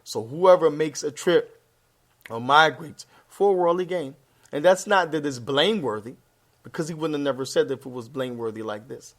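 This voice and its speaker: Quick-talking male religious teacher. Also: fairly high pitch. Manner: explains terms, mixing Arabic quotes and phrases into plain English; talks quickly with fillers and self-corrections. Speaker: Islamic teacher. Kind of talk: religious lesson.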